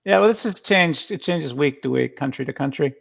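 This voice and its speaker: A man's voice: fairly high pitch, animated, fairly quick, gravelly. A man giving a casual conference talk over a video call, telling stories with frequent restarts. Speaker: guest speaker.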